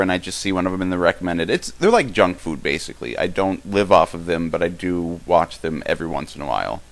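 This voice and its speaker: Young male podcast co-host, deep voice, rambling casual chatter. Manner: rambling, halting, many restarts. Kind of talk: casual live-stream Q&A chat.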